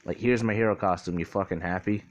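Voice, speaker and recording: A man voicing a weary masked male slasher who grumbles and swears, lower than his own voice. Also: fairly even intonation, fast talker, lo-fi sound, natural voice. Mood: fed-up grumbling.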